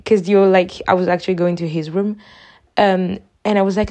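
A woman's voice: fairly low pitch, fairly even intonation, normal speed, mellow. A young woman, talking through personal memories on her own podcast in a chatty, reflective way, often saying "like". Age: young adult. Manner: chatty and reflective, heavy use of "like". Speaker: podcast host.

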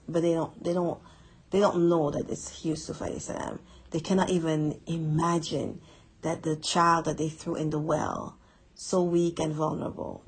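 A woman's voice: deep voice, slightly rough, rough recording. A woman giving a conversational Quran reflection lesson, earnest and chatty, repeating words for emphasis. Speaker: Quran teacher.

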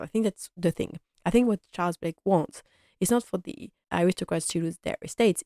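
A woman's voice: fairly low pitch, warm tone, no echo, clean studio sound. A young woman giving a casual, enthusiastic episode recap as a fan reviewer, laughing often and using lots of fillers.

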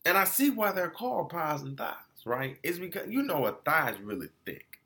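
A man casually reviewing food spots in a vlog, telling it as an animated, slangy story full of restarts and quoted exchanges. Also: a little high, normal speed.

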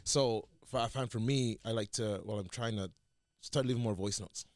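A man's voice: lowish voice, moderate pace, no echo, clean studio sound. A man co-hosting a podcast in casual chat, rambling with many restarts and acting out what he says to himself. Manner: rambling, many restarts and quoted self-talk. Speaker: podcast co-host.

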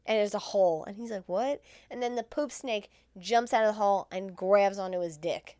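A woman's voice: medium pitch, a little fast, darkish tone, no echo. A woman co-hosting a comedy podcast, recapping a film in crude, laughing chat and acting out the lines.

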